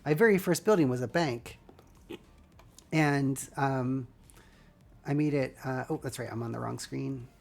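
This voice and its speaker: Unhurried and pausing often, a woman speaks in a very deep voice as she builds LEGO for a live audience. Her casual, friendly rambling has a scratchy, slightly gravelly quality from a dry throat.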